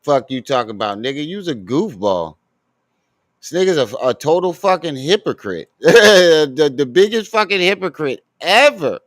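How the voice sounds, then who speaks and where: A man's voice: a little high, very animated, moderate pace, a bit bright, dry recording. A man doing crude, mocking reaction commentary on clips, laughing as he talks.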